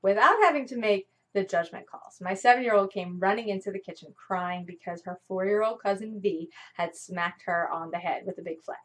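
A woman's voice: mid-range voice, brisk, hardly any pauses, a bit bright. A woman parenting coach explaining earnestly to viewers, with rhetorical questions. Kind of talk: teaching talk to viewers.

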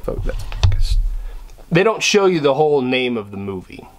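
A man's voice: mid-range voice, sing-song, brisk, slight background noise. A young man rambling casually to camera at home, self-deprecating and full of restarts. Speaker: vlogger. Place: bedroom at home, indoors.

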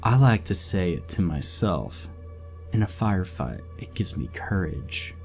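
A man voicing a menacing, cold-blooded male soldier who talks in a low mutter. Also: big pitch swings, a little slow, vocal fry, darkish tone, faint music behind, exaggerated voice. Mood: calm.

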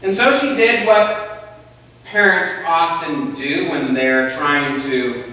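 Slow-spoken bright-voiced pastor preaching. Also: male voice, on the high side. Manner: storytelling, asks the congregation questions. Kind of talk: sermon. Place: church. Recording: echoey church hall, distant mic.

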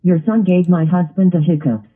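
A stern princess scolding in a homemade cartoon, read by a computer voice. The delivery is flat and synthetic, a little husky. The sound is thin and phone-like. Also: medium pitch, normal speed, lightly acted. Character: stern ogre princess wife. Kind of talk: text-to-speech grounded video. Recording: tinny phone-like lo-fi audio.

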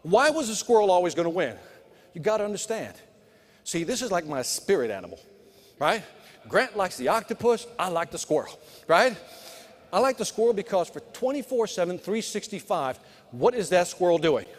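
A man's voice: high voice, very animated, normal speed. A middle-aged man giving a live keynote on sales at a conference, with punchy motivational delivery that talks straight to the crowd. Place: large conference hall. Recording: long hall reverb.

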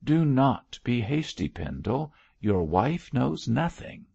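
A man reading an audiobook, voicing a blunt doctor who exhorts his friend firmly and briskly. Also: mid-range voice, big pitch swings, vocal fry, warm tone, breathy edge, dry recording, dull audio, voice pushed up, heavily acted. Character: blunt, firm middle-aged male doctor.

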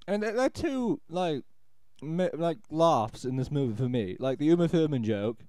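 A man's voice: fairly high pitch, animated, moderate pace, dark tone, clear, resonant tone, no echo. A man giving a rambling, exasperated, sarcastic spoken film review. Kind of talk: ranting audio film review.

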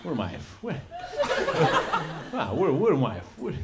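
A man doing a low mumbling tripping New York mobster. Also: wildly swooping pitch, a little fast, very noisy. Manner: low mumbling, stuck repeating himself. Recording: loud laughing crowd.

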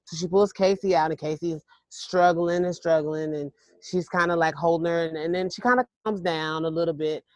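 Animated, rambling woman telling a story. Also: fairly low pitch, normal speed, few pauses, no room sound. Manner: animated, rambling, with many restarts. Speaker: podcast co-host. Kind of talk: casual storytelling chat.

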